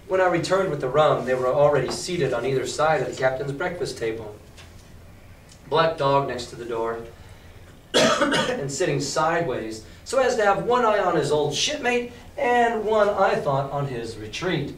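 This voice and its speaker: A male teacher reading a novel aloud to a class and explaining it in a lively, emphatic way. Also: on the high side, normal speed, slight background noise. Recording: echoey classroom from far off.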